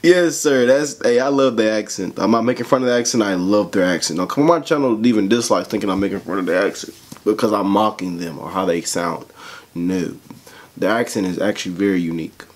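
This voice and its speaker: A man's voice: lowish voice, brisk. An American man hosting a reaction video, joking in slang and talking back to the clip. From United States. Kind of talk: casual reaction commentary.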